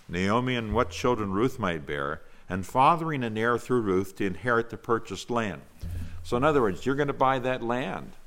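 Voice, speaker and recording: A man's voice: on the low side, a bit bright. A man preaching an expository Bible lesson, reading scripture aloud and breaking into emphatic, conversational asides. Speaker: Bible teacher.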